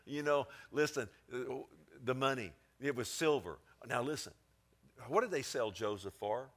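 A male preacher giving a sermon, swinging between quiet, low passages and emphatic ones, often calling for amens. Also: moderate pace. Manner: asks the congregation for amens.

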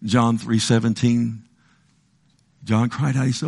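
An older man preaching a sermon with passion, moving from loud pleading to hushed lines and acting out the voices he quotes. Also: mid-range voice, little pitch movement, measured pace, vocal fry, pauses often, breathy edge.

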